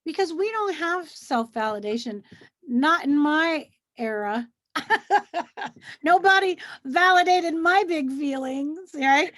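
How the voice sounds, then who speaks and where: This co-host, a woman with a high voice, tells stories with animation during a casual chat, though at a slow pace. She performs quotations, softening to a gentle, soothing tone for a child's words.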